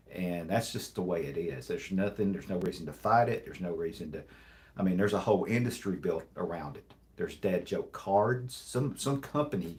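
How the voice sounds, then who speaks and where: A man hosting a live stream, reading jokes aloud in a dry, deadpan way and rambling with many restarts and apologies. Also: low-pitched. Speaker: livestream host. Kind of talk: casual livestream chat, reading jokes aloud.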